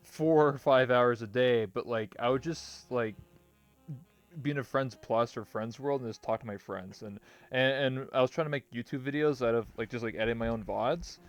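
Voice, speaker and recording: A man's voice: medium pitch, normal speed, dry recording. Brief: young male host, casual and loose, mid-range voice, faint music behind. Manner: loose, swears, laughs, acts out quotes. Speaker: talk show host. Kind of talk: casual interview chat.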